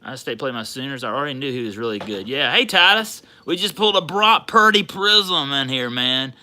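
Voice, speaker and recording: A man hosting a sports card livestream, chatting casually and getting loudly excited over his pulls. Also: medium pitch, brisk. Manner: excitable, hollering and laughing over a big pull.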